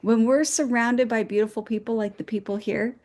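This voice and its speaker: Upbeat motivational woman, bright higher voice. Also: fairly even intonation, fairly quick. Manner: upbeat, encouraging, numbered points. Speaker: co-host. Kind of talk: motivational talk.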